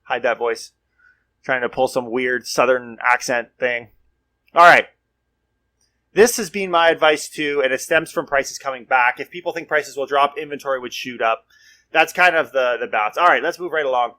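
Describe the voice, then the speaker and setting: A man's voice: mid-range voice, normal speed, pushed and bright. A young man, hosting a casual real estate podcast. He talks straight to his listeners and repeats points for emphasis. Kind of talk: casual market commentary.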